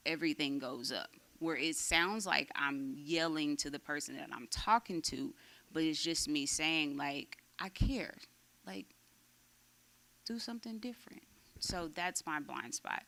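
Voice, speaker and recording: A woman's voice: low voice, unhurried, vocal fry, sharp tone. A woman at a church group openly sharing a personal fault, with many fillers and restarts.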